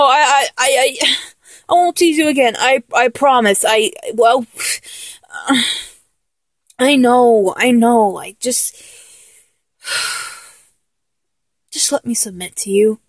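A woman's voice: on the high side, takes it slowly, long pauses, no echo. A woman performing a one-sided audio role-play, moving from teasing to tearful, breathless pleading.

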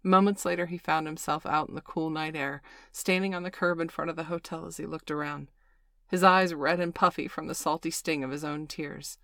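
Woman narrator for audiobook, low steady voice, dry close sound. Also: a little fast, dry recording.

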